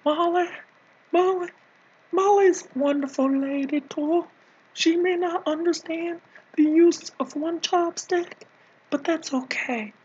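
A man's voice: extremely high pitch, slow, darkish tone, highs cut off. A man doing a put-on voice for a bossy, scolding comic nanny character, rambling and teasing with sudden whispers. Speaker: video creator. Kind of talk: improvised comedy rant in a put-on voice.

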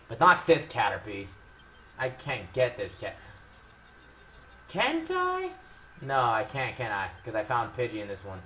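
A young man commentating his own gameplay with heavy swearing, shifting from low mutters to loud outbursts. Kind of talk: Let's Play commentary.

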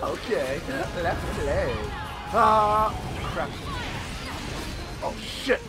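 A young man giving casual, excitable commentary while playing a video game, swearing and repeating lines from the game. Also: sits high, extremely slow, music in the background. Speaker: gameplay video host. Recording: loud game soundtrack behind.

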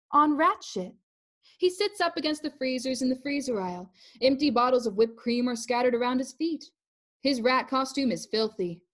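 A woman reading stage directions aloud for a comedic play, in a brisk, matter-of-fact way. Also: high-pitched.

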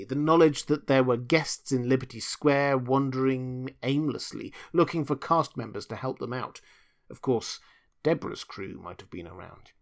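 A man reading a novel aloud in first person as an audiobook narrator. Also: mid-range voice. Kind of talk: scripted narration.

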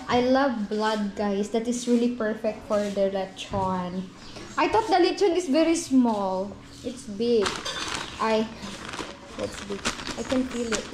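A young woman with a Filipino accent, chatting upbeat to viewers as she tours her mountain farm on a handheld phone. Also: a little high. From Philippines. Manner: chatty, upbeat, often addresses viewers as guys. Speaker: vlogger. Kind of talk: casual vlog tour. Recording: noisy outdoor phone recording.

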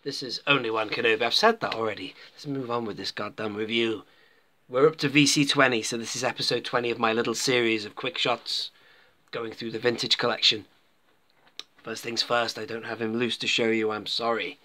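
Male collector-reviewer, bright forceful tone, loose rambling chat to viewers. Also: mid-range voice, fairly even intonation, normal speed. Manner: rambling, chatty, addresses viewers as folks. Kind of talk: casual toy review.

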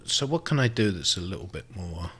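A man's voice: sits low, big pitch swings, brisk, sharp tone, slightly rough. A man giving casual gameplay commentary, thinking aloud and swearing freely as he plays. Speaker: let's play host.

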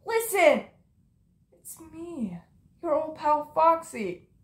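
A woman's voice: high-pitched, sing-song, slow pace, reverberant, voice pushed up, exaggerated voice. A woman voicing a frightened, pleading male fox in an amateur audio drama. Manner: anxious, soft-spoken then desperate.

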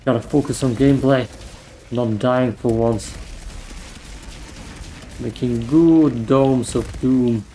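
A man with a German accent and vocal fry, giving rambling, joking commentary while playing a game into a desk mic. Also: medium pitch, fairly even intonation, slow pace, pauses often, mellow, a little hiss or hum, rough recording. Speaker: gamer. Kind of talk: gameplay commentary.

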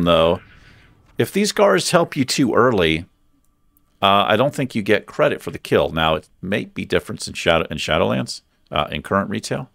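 A man's voice: fairly low pitch, sing-song, normal speed, creaky, a bit bright, dry recording. A man hosting a let's play, chatting casually and thinking aloud with a self-deprecating streak as he plays. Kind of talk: casual gameplay commentary.

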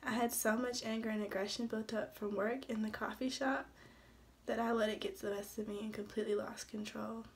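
A woman reading the lines of a husband who shouts and begs in a story read aloud. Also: a little high, fairly even intonation, a little slow, lightly acted. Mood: pleading. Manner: pleading, raised voice. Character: angry then remorseful husband, adult man.

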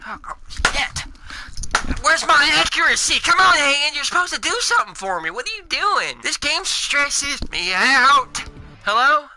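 A man's voice: very high voice, big pitch swings, normal speed, pushed and bright. A man streaming gameplay, talking in a whiny, folksy way with frantic exclamations. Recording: noisy game voice chat.

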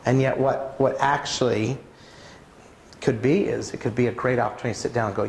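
A man's voice: medium pitch, fairly quick, creaky, a little hiss or hum. A man in his thirties speaking as a pastor at a parenting conference, talking casually and often asking the audience questions. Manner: conversational, asks the audience questions. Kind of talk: conference talk. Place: church hall. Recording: echoey church hall.

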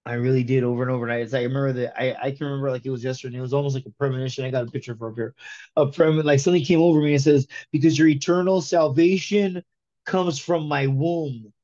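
A man giving an emotional conversion testimony in casual chat, animated and slangy, telling his story in the present tense. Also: mid-range voice, very fast, muffled recording.

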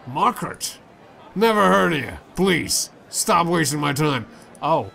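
Slow, high-voiced man reading game lines. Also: lively intonation, gravelly, pushed and bright, slight background noise. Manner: playful, switches voices for characters. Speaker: let's play gamer. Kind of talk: reading game dialogue aloud.

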